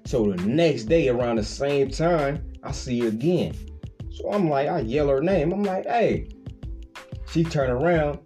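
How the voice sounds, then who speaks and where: Animated man telling stories with slang. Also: a little slow, soft background music. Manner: animated storyteller, acts out quoted voices with big pitch jumps, laughs often, slangy. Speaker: podcast co-host telling his prison story. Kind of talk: casual storytelling chat.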